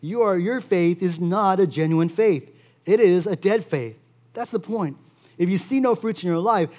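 A man preaching a sermon as pastor, earnest and steady, repeating key phrases for emphasis. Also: on the high side.

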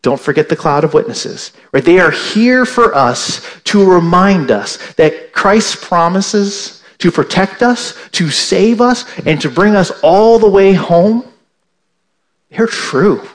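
A man's voice: high voice, animated, slow. A male pastor preaching a sermon, asking "right?" again and again and repeating his key points for emphasis. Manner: acts out imagined indignant listeners with a raised voice.

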